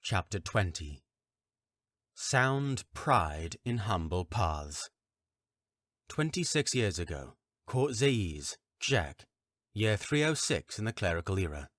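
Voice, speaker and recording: Brief: deep-ish unhurried male audiobook narrator, dead dry studio sound. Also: no room sound. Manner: calm, even, deliberate reading. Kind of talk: scripted fantasy narration.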